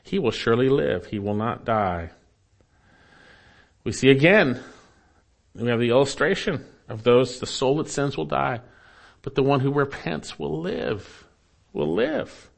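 Guy preaching a sermon, earnest, talks right to you, goes loud then quiet. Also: expressive, a little slow, vocal fry, long pauses. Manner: earnest and exhortative, with wide swings between loud emphatic lines and soft low ones; addresses the listener directly as "my friend". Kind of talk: expository sermon.

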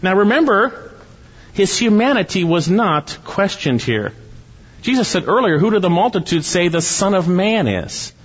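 A man preaching a verse-by-verse sermon, earnest and full of rhetorical questions, dropping his voice low when he quotes scripture. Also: sing-song, normal speed, slightly rough. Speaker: pastor. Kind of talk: expository sermon. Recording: dull, reverberant hall sound.

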